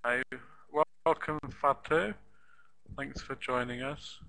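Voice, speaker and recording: Slow, patient male English teacher. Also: mid-range voice, gravelly, sharp tone, rough recording. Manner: slow, patient, repeats and spells out words. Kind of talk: online English lesson.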